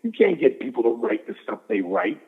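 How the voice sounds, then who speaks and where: A middle-aged man tells a story down a tinny phone line, animated and freely profane. His voice sits at an ordinary pitch and trails into a long, hollow reverb. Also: fairly quick, vocal fry, slightly rough. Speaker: guest. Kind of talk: storytelling interview.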